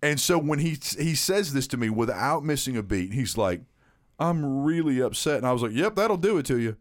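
A man telling a story in a casual podcast chat, animated and swearing, acting out what people said. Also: mid-range voice, moderate pace. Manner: animated, swearing, acts out quotes. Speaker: podcast co-host.

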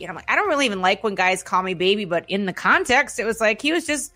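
A woman's voice: mid-range voice, animated, quick pace, pushed and bright. A woman hosting a loose, casual conversation, drifting from one anecdote to the next. She swears freely and talks in a chatty, meandering way, with a little music playing faintly in the background. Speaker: host. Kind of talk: casual chat.

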